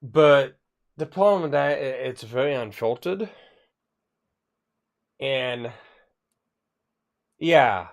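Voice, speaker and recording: A man talking casually on a live stream, his pitch sitting squarely in the middle. He rambles and trips over his words, restarting sentences often, and swears now and then. His delivery is loose and unscripted. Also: animated, slow, pauses often. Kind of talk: casual livestream chat.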